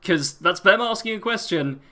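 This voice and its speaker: Bright-voiced English man streaming a game. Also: high voice, animated, moderate pace. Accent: English, between posh and street. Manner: chatty, reads chat aloud, laughs easily. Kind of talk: live gameplay commentary.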